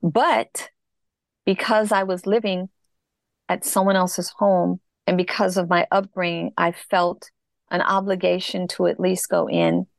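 Earnest woman with a gravelly voice. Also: lowish voice, level tone, dry recording, studio quality. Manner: reflective, earnest, slow in places. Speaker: guest. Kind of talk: personal story in an interview.

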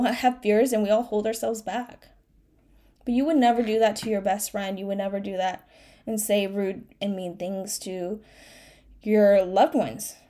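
Young woman host, raw solo talk, tearful, self-encouraging, mid-pitched voice. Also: dark tone. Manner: candid, self-encouraging, with frequent fillers and restarts. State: tearful at times. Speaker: podcast host. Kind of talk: emotional solo podcast monologue.

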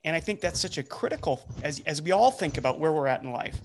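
A male podcast host summing up his guest's story in a reflective, halting way. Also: fairly high pitch, expressive, slight background noise. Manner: reflective, with many fillers and restarts. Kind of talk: casual interview.

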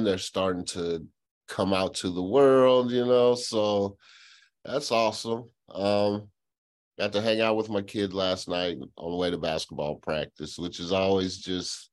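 A man co-hosting a podcast, relaxed and easygoing, chatting with plenty of ums. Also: lowish voice. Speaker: podcast co-host. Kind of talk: casual chat.

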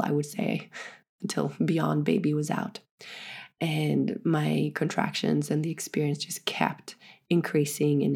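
A woman telling her own birth story in a slow, meditative, soft-spoken way that sinks into whispers. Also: low-pitched, vocal fry. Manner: drops into whispers. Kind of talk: personal storytelling.

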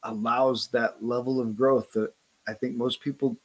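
A man's voice: mid-range voice, little pitch movement, unhurried, husky. A man hosting a podcast interview, affirming his guest in a casual chat and stumbling over restarts. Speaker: podcast host.

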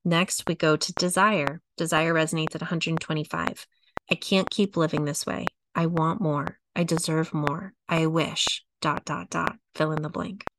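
A middle-aged woman teaching a coaching lesson, walking through a chart at a slow, measured pace and repeating her phrases. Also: low voice, steady tone, noisy background. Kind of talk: teaching talk, reading a chart aloud.

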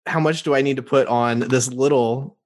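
A man's voice: mid-range voice, steady tone, moderate pace, a little mellow. A man hosting a conversational podcast interview, reflecting on his guest's story with frequent short affirmations. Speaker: podcast host.

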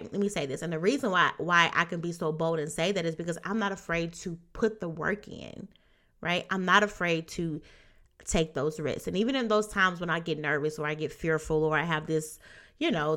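A young adult woman speaks straight to her listeners in a motivational podcast monologue. Her voice is bright and forceful, sits a little low, and she talks with earnest encouragement, often tagging her points with "right?". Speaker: podcast host.

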